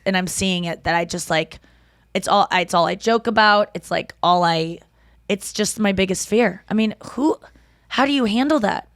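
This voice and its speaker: A woman's voice: mid-range voice, moderate pace, no room sound, clean studio sound. Candid woman host telling a story. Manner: emotional storytelling, acts out loud quotes, swears freely. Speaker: podcast host. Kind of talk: casual chat.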